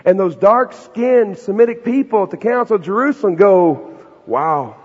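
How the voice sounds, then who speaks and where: A pastor preaching an emphatic, conversational sermon in a church, peppered with rhetorical questions. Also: male voice, high voice, moderate pace, a little mellow, slightly rough. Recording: dull, reverberant hall recording.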